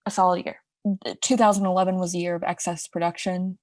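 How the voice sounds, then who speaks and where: Casual podcast co-host: young woman, slightly low pitch, dry recording, rambling asides. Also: little pitch movement, fast, a little mellow, dry recording. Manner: chatty, explains with asides and restarts. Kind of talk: casual storytelling chat.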